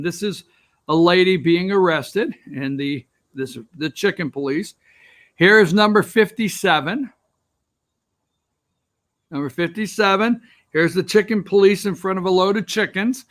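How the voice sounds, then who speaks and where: A male talk show host with a high, bright voice. He rambles and sneers while giving his opinions, and he talks to his viewers as if they were in the room with him. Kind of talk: opinionated commentary.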